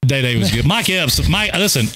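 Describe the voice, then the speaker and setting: A man's voice: on the high side, big pitch swings, moderate pace, pushed and bright. A man co-hosting a casual talk show, talking animatedly with many stammered restarts and quoted movie lines. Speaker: radio show co-host. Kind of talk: casual chat.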